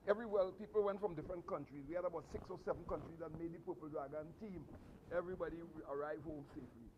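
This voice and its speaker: Trinidadian man, martial arts teacher, high-pitched voice, animated and repetitive, muffled recording. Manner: animated, repeats phrases for emphasis. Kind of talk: storytelling speech to students. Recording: slightly dull sound, faint noise.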